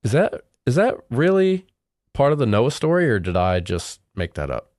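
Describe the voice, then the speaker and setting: A man hosting a casual comedic podcast, questioning his guest in a hesitant, deadpan way. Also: medium pitch, moderate pace, no room sound, studio quality. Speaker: podcast host.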